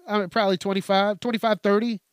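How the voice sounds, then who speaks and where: A man's voice: high-pitched, level tone, quick pace, smooth, no room sound, studio quality. A young man hosting a comedy podcast, ranting in a rambling, profane way and laughing at his own jokes. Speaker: podcast host.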